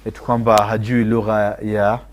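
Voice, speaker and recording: A man's voice: on the low side, normal speed. A man co-hosting a live broadcast, chatting casually and mixing Swahili with English. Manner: mixes Swahili and English, animated, reads viewer comments. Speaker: TV co-host.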